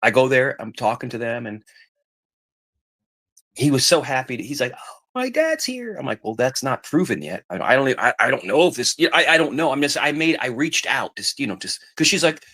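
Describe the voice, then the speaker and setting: A middle-aged man chatting casually, voice sitting in an ordinary middle pitch. He rambles, repeats phrases and restarts sentences as he tells a family story. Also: a little fast, pushed and bright, husky. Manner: rambling, repeats himself, acts out quoted voices. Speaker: podcast guest telling family stories. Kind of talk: casual chat.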